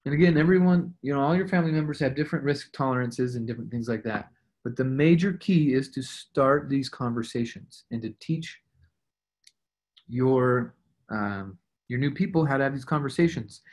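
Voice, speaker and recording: A man's voice: medium pitch, moderate pace, darkish tone. Man coaching on a team call. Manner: conversational, acts out sample dialogues. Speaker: real estate investing coach.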